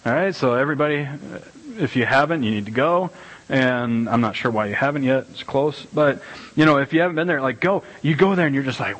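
A middle-aged pastor gives a casual sermon in a slightly husky voice. He talks in an animated, rambling way and often repeats words and restarts his sentences. His pitch sits in an ordinary middle range for a man. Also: fairly quick, poor audio. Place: church sanctuary.

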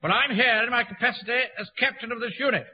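An actor playing a pompous middle-aged captain who blusters and gives orders in a radio sitcom. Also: male voice, very high-pitched, fast, slightly rough. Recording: muffled, hissy archive broadcast.

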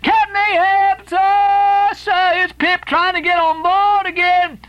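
Brief: woman as a lost, frightened cabin boy, sing-song and rambling, high and slow. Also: expressive, muffled recording, heavily acted. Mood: crazed. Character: young crazed ship's boy, frightened and lost.

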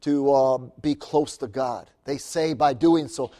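A man's voice: mid-range voice, unhurried, dark tone. A man preaching as a missionary, telling stories in a sermon, laughing often and calling out for amens. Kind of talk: sermon storytelling.

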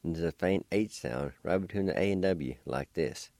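A middle-aged man hosts a radio language lesson, spelling out each word letter by letter. His voice sits very low and mellow, and he takes his time. The sound is close and dry, as from a radio studio. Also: animated, dry recording. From Oklahoma. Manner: slow, deliberate, spells and sounds out words syllable by syllable. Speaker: radio host teaching vocabulary.

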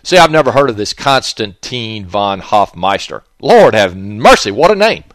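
Southern man host, blunt and profane, animated delivery, dry close sound. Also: lowish voice, moderate pace, no echo. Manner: blunt, profane, rambling, digressive. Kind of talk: rambling casual monologue.

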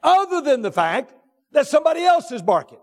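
Man, pastor, very high-pitched voice, emphatic sermon, drawn-out repeated phrases, long reverb of a big church hall. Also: sing-song. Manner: emphatic preaching, rising to shouts on key points; drawn-out deliberate phrasing with repetitions. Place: church sanctuary.

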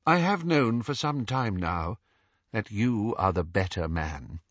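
A man reading the part of an old, remorseful male wizard mentor who speaks softly and haltingly. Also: on the low side, animated, dry recording, dull audio. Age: older. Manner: soft, halting, confessional.

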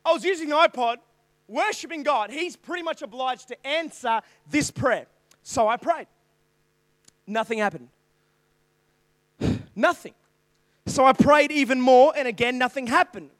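An Australian man with a strikingly high voice preaches to a youth group, spinning a self-mocking story with plenty of jokes. He is animated and keeps calling out to the crowd for replies, and the sound is close and dry with no room echo. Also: a little slow, long pauses.

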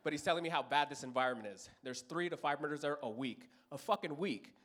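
A man's voice: on the high side, animated, fast talker, a bit bright. A man from Los Angeles in his thirties telling a profane stand-up story on a comedy club stage, acting out other people's voices.

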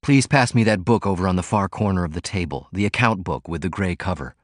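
A man's voice: low-pitched, quick pace, no room sound, studio quality. A man reading an audiobook, voicing a poor young male writer who talks in an earnest, eager way. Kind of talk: audiobook character voice.

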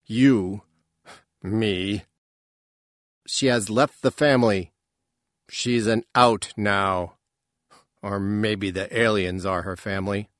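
Man doing a stern alien father, low voice. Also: fairly even intonation, slow pace, pauses often, a bit bright, no room sound, clean studio sound. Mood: bitter. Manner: clipped, curt. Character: stern alien male father, proud, quick to anger.

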